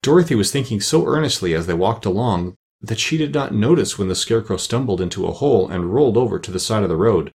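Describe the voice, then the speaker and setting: A man narrating a children's storybook in a steady, even reading voice. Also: fairly low pitch, quick pace, few pauses. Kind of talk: audiobook narration.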